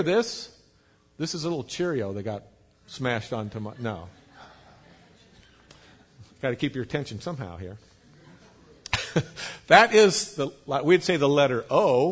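A pastor preaching a sermon, explaining patiently, spelling out words, with light jokes for the congregation. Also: male voice, a little high. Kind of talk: sermon teaching.

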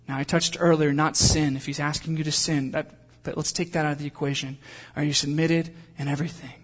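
A man preaching a sermon as pastor, emphatic, posing pointed questions to the congregation and moving between loud fervent passages and quiet asides. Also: on the high side, breathy edge.

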